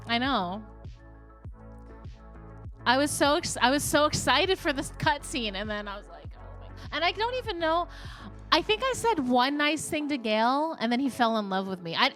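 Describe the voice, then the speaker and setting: A woman's voice: on the high side, a bit bright. A young woman streamer chatting casually with her live viewers, rambling and laughing often.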